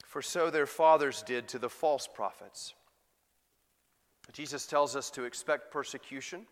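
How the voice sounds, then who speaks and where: A man preaching a sermon as pastor, swinging from quiet asides to emphatic, loud peaks. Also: medium pitch, unhurried, long reverb tail.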